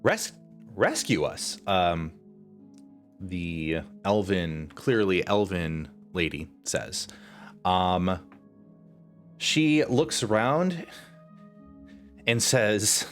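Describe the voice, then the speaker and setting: A man serving as game master on a live tabletop stream, describing scenes at a slow, easy pace. His voice sits low, and he talks casually with frequent ums and restarts. He sounds close to a desk mic at home. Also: big pitch swings, soft background music. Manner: casual, with many fillers.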